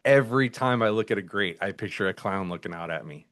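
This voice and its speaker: A man in a casual podcast chat, making relaxed, offhand remarks. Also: on the low side, fast talker.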